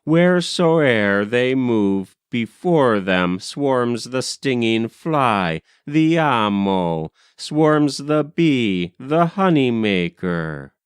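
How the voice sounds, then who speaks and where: A man voicing a grave, wise male chief describing a vision, solemn and measured. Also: mid-range voice, big pitch swings, smooth, no echo, studio quality.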